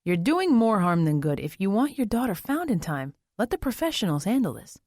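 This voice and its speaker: A woman's voice: medium pitch, sing-song, fairly quick, a little mellow, dry recording, studio quality. A woman voicing a stern male defense attorney who barks orders like a drill sergeant. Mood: stern, commanding.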